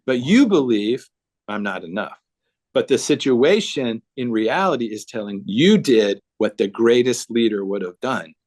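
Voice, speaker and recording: A man's voice: medium pitch, animated, normal speed, few pauses, darkish tone. A man speaking earnestly on a video call, telling a story with emphasis and acting out the dialogue. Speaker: guest speaker.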